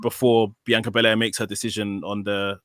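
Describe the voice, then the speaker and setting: A man giving measured, opinionated takes in a casual wrestling podcast. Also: on the low side, flat delivery, fairly bright tone, no echo, studio quality. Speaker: podcast co-host.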